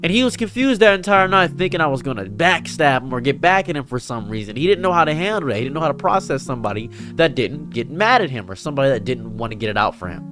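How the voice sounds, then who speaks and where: A man's voice: mid-range voice, big pitch swings, quick pace, hardly any pauses. A man telling personal stories in an earnest, preachy monologue about kindness. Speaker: streamer and commentary creator. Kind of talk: reflective storytelling monologue. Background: faint guitar music.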